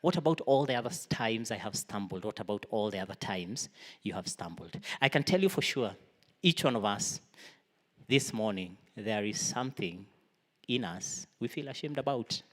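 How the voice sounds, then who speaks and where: Low-voiced male preacher in a reverberant hall. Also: expressive, normal speed. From Kenya. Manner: earnest, swings between raised emphasis and soft near-whispers. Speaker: pastor. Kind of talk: sermon. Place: church hall. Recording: long reverb of a large hall.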